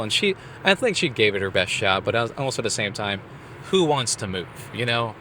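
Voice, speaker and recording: A young man co-hosting a podcast, telling a story in casual chat, animated and acting out his own quoted lines. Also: mid-range voice, fairly quick, slight background noise. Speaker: podcast co-host.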